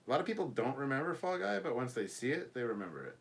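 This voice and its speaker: A man's voice: medium pitch, very animated, fast talker, vocal fry. A man in his forties co-hosting a casual talk show, rattling off old shows, humming their intros and swearing casually. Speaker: podcast co-host. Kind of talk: casual chat.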